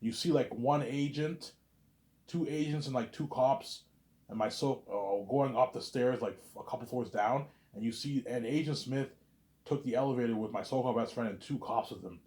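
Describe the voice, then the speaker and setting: A man spins a long, loose story for the camera, stacking "he's like" over and over. His voice sits at a middling pitch and wanders and stumbles as he rushes to get to the next part. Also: a little mellow. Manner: rambling, repeats "he's like" and "you know what I'm saying". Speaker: vlogger. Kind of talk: casual rambling storytelling.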